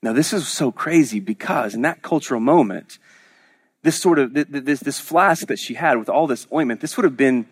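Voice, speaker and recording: A man's voice: mid-range voice, moderate pace, slightly rough. A man from Oklahoma preaching a sermon as pastor, in a conversational, joking storytelling manner with frequent restarts.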